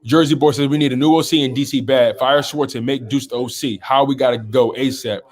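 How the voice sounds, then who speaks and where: Chatty Philly sports stream host. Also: male voice, medium pitch, steady tone, brisk. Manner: chatty, reads out viewer comments and reacts. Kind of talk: casual sports talk live stream.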